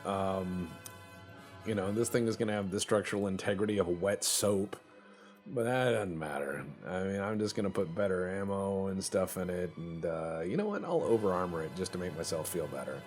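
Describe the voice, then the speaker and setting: A man's voice: low-pitched, lively intonation, moderate pace, a little mellow, faint music behind. A man hosting a let's play, rambling in casual, profane, joking gameplay commentary.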